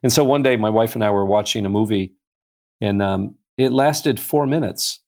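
A man's voice: fairly low pitch, moderate pace, vocal fry, darkish tone. A man speaking as a guest in a casual faith-based conversation, rambling with many fillers and restarts as he tells stories. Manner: acts out voices in anecdotes.

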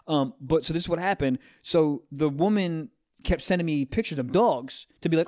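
A young man in casual chat, telling a profane, animated story. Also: on the high side, brisk.

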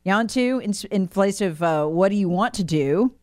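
A woman's voice: medium pitch, expressive, normal speed, a little mellow, no echo, clean studio sound. A woman co-hosting a radio talk show, chatting playfully and reading listener texts aloud. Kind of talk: casual radio chat.

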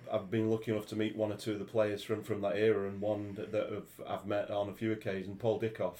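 An older man with a fairly low voice. He talks in a measured, halting way, often repeating words as he goes. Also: completely flat delivery, warm tone, a little hiss or hum. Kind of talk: casual chat.

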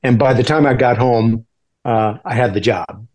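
Man, guest actor, halting casual chat, average pitch, restarts. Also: a little mellow. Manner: halting, many restarts and fillers.

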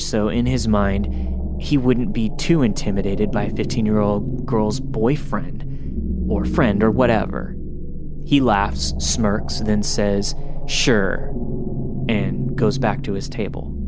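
A man reading a listener's story aloud in the first person, in steady scripted narration. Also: fairly low pitch, noisy background.

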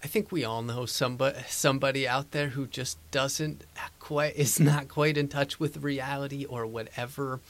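A man hosting an interview and asking the guest questions. He talks casually and haltingly, searching for his words as he goes. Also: mid-range voice, fairly even intonation, a bit bright. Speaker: interview host.

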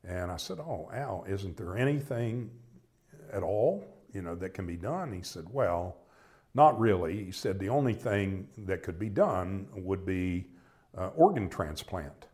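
Older american man, very deep voice, reflective storyteller, halting delivery. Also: lively intonation, a little mellow. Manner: reflective, halting, with many restarts and quoted dialogue. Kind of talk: personal storytelling.

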